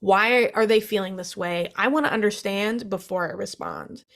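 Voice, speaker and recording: A woman's voice: medium pitch, normal speed, vocal fry. Friendly woman therapist giving a workshop talk. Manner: friendly, lively, many "um"s. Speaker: licensed therapist.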